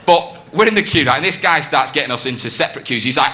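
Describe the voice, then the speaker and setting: On a comedy club stage, a man with a mid-range voice does a brash stand-up set, telling a story and acting out the voices. His delivery is quick, pushed, and bright with hardly any pauses, captured on a noisy live recording with audience laughter and room ambience behind him.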